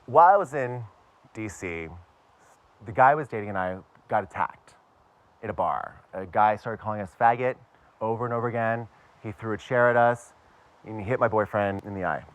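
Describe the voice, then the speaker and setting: A man's voice: fairly low pitch, normal speed, highs cut off. A man from Pittsburgh telling a personal story to a live audience with wry, self-mocking humor. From Pittsburgh, USA.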